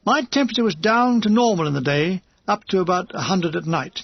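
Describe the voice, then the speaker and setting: A man's voice: high-pitched, animated, a little fast, creaky, no room sound, dull audio. A man reading a comic war memoir aloud as an audiobook narrator, with a wry, dryly comic delivery.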